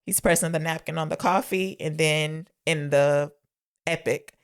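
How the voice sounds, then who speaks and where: Young female co-host, low voice, casual film-recap chatter. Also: steady tone, unhurried, clear, resonant tone. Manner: retells scenes, acting out lines. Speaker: podcast co-host. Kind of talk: casual movie review chat.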